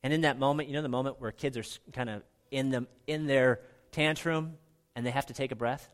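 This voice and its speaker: This earnest middle-aged pastor preaches briskly, his mid-range voice keeping a fairly even intonation. For emphasis, he regularly sinks into a soft, hushed delivery.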